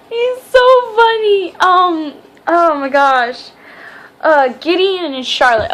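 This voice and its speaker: A woman's voice: extremely high pitch, big pitch swings, extremely slow, fairly bright tone. A young woman reviewing a book in a casual vlog, chatty and rambling, often stumbling over her words. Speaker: book vlogger.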